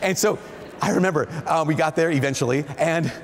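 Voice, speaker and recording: A Catholic priest, a man, giving a lively storytelling sermon, animated and self-deprecating, often laughing, in a large church. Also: fairly high pitch, brisk. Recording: long echoing church reverb.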